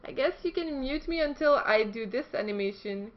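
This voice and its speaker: A chatty woman hosts a casual news vlog with a high, light voice. She reads her notes aloud, stumbling and joking at her own expense. The recording is dull and lo-fi. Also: lively intonation, normal speed. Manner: chatty and self-deprecating, stumbles while reading. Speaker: esports news host.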